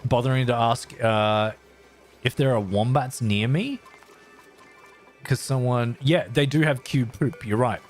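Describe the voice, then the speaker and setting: A man's voice: medium pitch, a little slow, long pauses, soft background music. A man casually live-streaming a game, thinking aloud as he builds and chatting playfully with his viewers.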